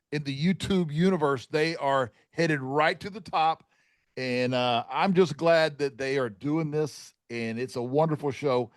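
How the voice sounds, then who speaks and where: A man's voice: fairly high pitch, no room sound, studio quality. A man co-hosting a podcast, talking in an enthusiastic, hype-filled manner. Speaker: podcast co-host. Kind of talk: casual chat.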